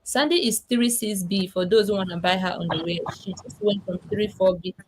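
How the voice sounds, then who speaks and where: A woman's voice: mid-range voice, normal speed, slight background noise, rough recording. A woman hosting a casual livestream, reading comments aloud and laughing often on a video-call mic. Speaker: livestream host.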